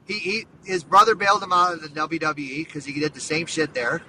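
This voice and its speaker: A man hosting a casual sports podcast, talking in an excited, rambling way full of "dude" and "like.". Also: on the high side, brisk, far from the mic, a little hiss or hum, rough recording. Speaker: podcast host.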